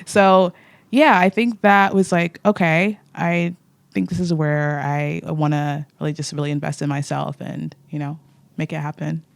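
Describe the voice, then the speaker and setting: A woman's voice: deep voice, a little slow, creaky, dry recording. A young woman in her twenties, a podcast guest chatting casually and full of fillers. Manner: chatty, filler-heavy, lively. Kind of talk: casual interview chat.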